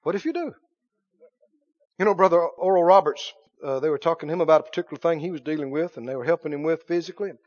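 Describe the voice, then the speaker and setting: Male preacher, high voice, lo-fi recording; animated sermon with hushed-to-shouted swings. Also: fast talker.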